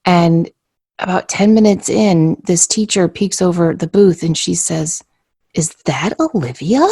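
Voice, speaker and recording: A woman's voice: lowish voice, measured pace, husky, dry recording, studio quality. A middle-aged woman co-hosting a podcast, telling a story from her family life and acting out the voices of others. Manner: storytelling, animated when quoting others. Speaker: podcast co-host. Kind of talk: conversational podcast chat.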